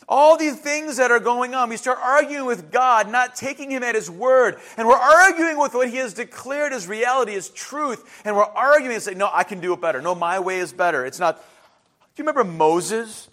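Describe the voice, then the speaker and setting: A male pastor with a high voice, delivering a lively sermon. He talks animatedly and slips into acted-out voices for the people in his stories. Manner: animated, acts out biblical voices in quick asides.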